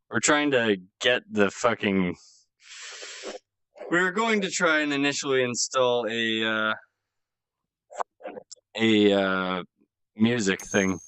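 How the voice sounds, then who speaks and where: A man's voice: fairly low pitch, fairly bright tone, clear, resonant tone. A man streaming a game live, chatting casually with viewers, exasperated and swearing often as he laughs between lines.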